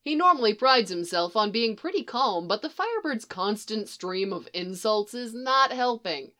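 A woman narrating a story in a wry, measured way. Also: a little high, animated, sharp tone. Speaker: reader.

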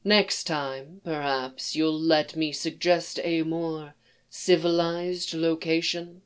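A woman reading a story aloud and voicing a poised alien male statesman who speaks in a dry, measured, quietly amused way, in a slow, soft and slightly distant tone. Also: low-pitched, fairly even intonation, clear, resonant tone. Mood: dryly polite.

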